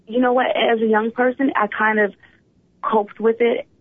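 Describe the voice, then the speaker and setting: A woman's voice: fairly high pitch, moderate pace, no room sound. Woman telling her story over a phone line. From Philadelphia, USA. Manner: animated storytelling, often starts with "you know what". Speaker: guest. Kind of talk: casual interview.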